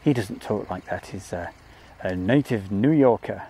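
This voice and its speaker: A man's voice: on the low side, moderate pace, mellow, breathy edge. A man from the UK hosting a live airfield stream outdoors, chatting casually and rambling as he reads out viewer comments.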